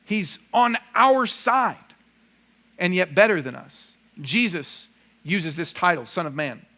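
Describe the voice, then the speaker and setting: A pastor speaking to his congregation in a church room, his voice sitting a little high for a man. He preaches in an easy conversational way, tossing in rhetorical questions and quick asides. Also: lively intonation, bright, forceful tone. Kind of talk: sermon.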